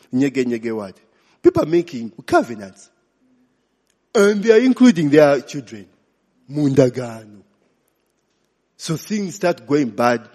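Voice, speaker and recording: Man, preacher, fairly high voice, slow delivery, call-and-response, long hall reverb. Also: darkish tone, husky. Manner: call-and-response, asks congregation questions; mixes in Luganda phrases. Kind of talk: sermon.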